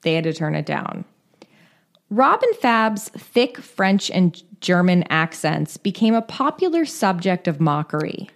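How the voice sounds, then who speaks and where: A podcast co-host with a lowish, gravelly voice speaks a little slowly, her pitch swinging widely. She reads a scripted music history with casual, chatty asides, reading quotes aloud and breaking into laughter.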